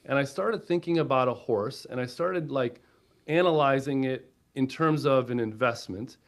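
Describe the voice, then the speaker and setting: Male guest, mid-pitched, animated storyteller, frequent "right?" tags. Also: normal speed. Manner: energetic storyteller, quotes himself and wife, lots of "right?". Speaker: guest, platform co-founder. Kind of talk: podcast interview.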